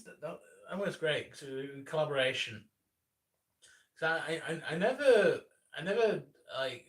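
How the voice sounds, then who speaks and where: A man in his thirties chats on a live stream in a rambling, self-deprecating way, often starting his sentences over. His tone is bright and forceful. He sits some way back from the mic, so the sound is distant. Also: mid-range voice. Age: 30s. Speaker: animator and streamer. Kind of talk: casual live-stream chat.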